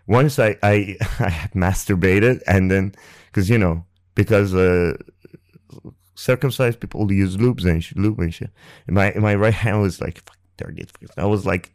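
A man tells a loose, profane story full of fillers and asides. His voice is low and smooth, and he speaks close to an ASMR mic. The sound is dry. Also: moderate pace, darkish tone, dry recording. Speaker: podcast host. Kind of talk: casual storytelling.

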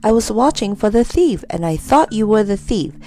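A woman's voice: medium pitch, lively intonation, normal speed, dark tone, dry recording, voice pushed up. A woman voicing a pompous, meddling grown man who is touchy and haughty in a storybook reading. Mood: indignant. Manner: indignant, haughty outbursts. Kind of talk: storybook character voice.

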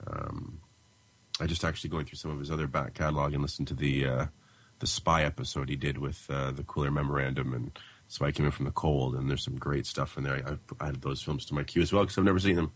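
A man hosting a casual podcast, reading listener emails in a relaxed, drawn-out way with fillers and chuckles. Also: a bass voice, breathy edge. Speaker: podcast host.

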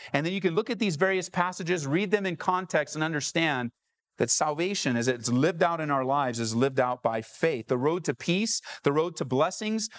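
Male pastor, sermon delivery, fairly high voice, dry close sound, punchy rhetorical questions. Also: no room sound. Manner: emphatic, rhetorical questions to listeners.

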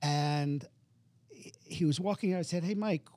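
Brief: male guest with a fairly high, mellow voice, explaining, close and dry. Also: unhurried, no echo. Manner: explanatory, acts out voices in anecdotes. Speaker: hypnotherapist guest. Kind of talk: interview conversation.

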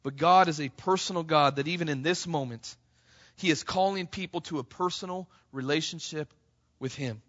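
A man preaching a sermon to his church, passionate, calling out to the congregation and rising to near shouts. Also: on the high side, moderate pace, lo-fi sound. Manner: impassioned, rising to near shouts on quoted cries; addresses congregation as "church", frequent "right?". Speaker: pastor.

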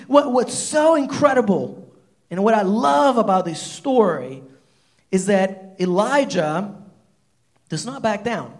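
A man preaching a sermon, retelling a Bible story in animated, casual storytelling with lots of "like". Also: very high voice. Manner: animated storytelling, many fillers like "like". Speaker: pastor.

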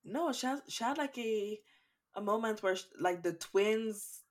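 A woman's voice: mid-range voice, expressive, measured pace. A young woman from Canada co-hosting a casual podcast, rambling through cast fun facts. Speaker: podcast co-host. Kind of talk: casual chat.

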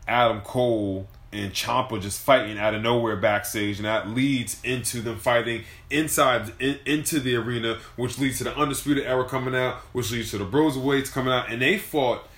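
A male podcast co-host talks wrestling in an easy, animated way, laughing and circling back on his own phrases. His voice sits at an ordinary middle pitch. The recording has a roomy echo around it. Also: normal speed, few pauses. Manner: animated, laughs often, repeats himself. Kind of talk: casual wrestling chat.

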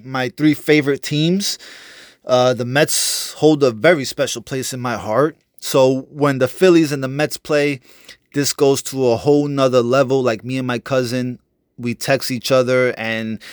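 A young man rants about his baseball team in a loose, profane, fired-up way, piling on fillers and false starts. His voice sits at an ordinary middle pitch, recorded dry and close with no room sound. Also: clean tone, no room sound. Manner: profane, fired-up trash talk with many fillers and restarts. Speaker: sports fan vlogger. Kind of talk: casual fan rant.

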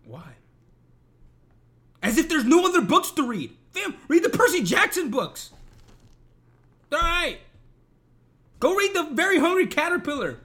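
A man's voice: very high voice, huge pitch swings, moderate pace, pauses often, a bit bright. A man in a casual, profane rant, talking in an exasperated and emphatic way. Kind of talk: casual ranting commentary.

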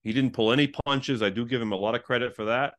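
A middle-aged man, a former pastor, telling his story as a guest in a conversational interview, animated and full of restarts. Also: mid-range voice, fast talker. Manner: animated, frequent restarts, acts out quoted exchanges.

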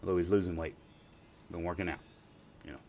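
A man's voice: deep voice, steady tone, fast, darkish tone, slight background noise. A middle-aged man telling casual, profane stories, rambling and laughing often. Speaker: storyteller. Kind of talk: casual spoken storytelling.

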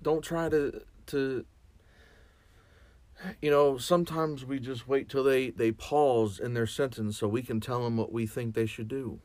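A man's voice: medium pitch, fairly even intonation, a little slow, darkish tone, dry recording. A man speaking as a chaplain in a reflective podcast monologue, earnest and often restarting and repeating his words.

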